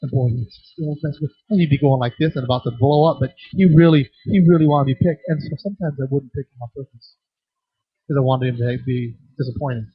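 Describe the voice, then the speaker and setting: A middle-aged man giving a conference teaching session on children's ministry, telling stories with acted-out voices and shifting loudness. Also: medium pitch, quick pace, breathy edge, no room sound, muffled recording. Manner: animated storytelling with acted-out voices.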